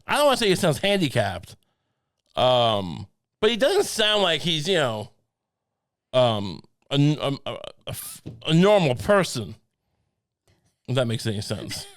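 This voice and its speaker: A man's voice: medium pitch, very animated, unhurried, pauses often, no room sound, studio quality. Rambling joking podcast guy. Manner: rambling, joking, laughs through lines. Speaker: podcast co-host. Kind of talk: casual chat.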